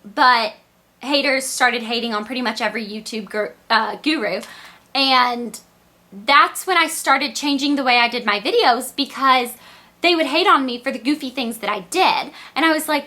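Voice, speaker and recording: Bright-voiced Southern teen girl, chatty. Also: moderate pace. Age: teens. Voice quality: squeaky. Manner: rambling, chatty, animated. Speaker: beauty vlogger. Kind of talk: casual chat to camera.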